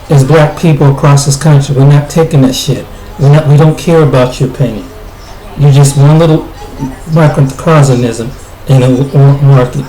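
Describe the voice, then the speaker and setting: An American man with a mid-range, warm voice and fairly even intonation offers blunt commentary for a video at a normal speed. He stumbles over his words, repeats himself and restarts often. The room is echoey, with faint noise in the background.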